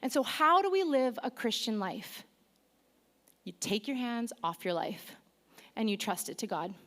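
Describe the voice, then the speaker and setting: Woman preacher with a bright, high voice and a lively delivery, warm self-deprecating humor, recorded in a church with a long reverb tail. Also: measured pace. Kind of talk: sermon. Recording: long reverb of a large hall.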